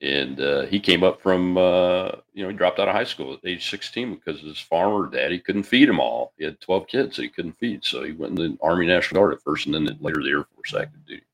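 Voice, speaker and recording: Very deep-voiced folksy male host. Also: lively intonation, vocal fry. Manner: folksy, halting advice full of fillers. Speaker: show host. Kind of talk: casual call-in talk.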